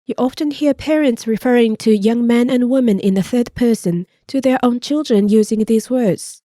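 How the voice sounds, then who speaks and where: A woman's voice: a little high, moderate pace, hardly any pauses, warm tone, no room sound, clean studio sound. A woman co-hosting a scripted language lesson, patiently explaining grammar and modeling pronunciation. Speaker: native-speaker co-host teaching Japanese.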